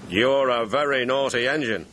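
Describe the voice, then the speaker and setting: A man's voice: medium pitch, normal speed, lightly acted. A man voicing a stern, portly older male railway boss who scolds bluntly and briefly. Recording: voice over loud background music.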